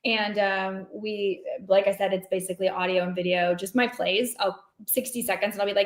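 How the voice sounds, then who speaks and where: A woman's voice: medium pitch, fairly even intonation, moderate pace, hardly any pauses. Chatty woman betting guest, echoey room. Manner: chatty, laid-back, self-deprecating. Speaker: sports betting analyst guest. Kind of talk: casual podcast chat.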